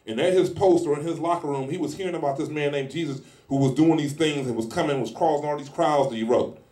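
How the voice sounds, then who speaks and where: Male preacher, fairly high voice, lively sermon, echoey church hall. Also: quick pace. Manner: animated, acts out scenes in lively voices; speaks in informal colloquial style.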